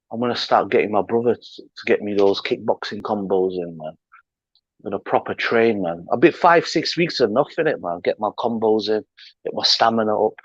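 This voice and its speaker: A man's voice: fairly low pitch, no room sound. A man hosting a livestream, ranting in heated casual talk, slangy, combative and full of swearing. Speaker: livestream host. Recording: dull lo-fi stream audio.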